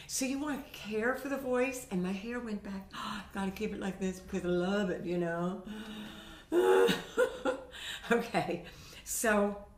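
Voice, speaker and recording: A middle-aged woman voice teacher recovering from a sinus infection, chatting and demonstrating pitch with her own voice in a home video lesson. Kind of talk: instructional video talk. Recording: roomy home recording.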